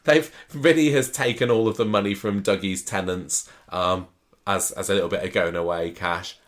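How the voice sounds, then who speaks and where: A man, chatting casually as a podcast host, animated and laughing often. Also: low voice, normal speed. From southern England. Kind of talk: casual chat recapping a soap opera.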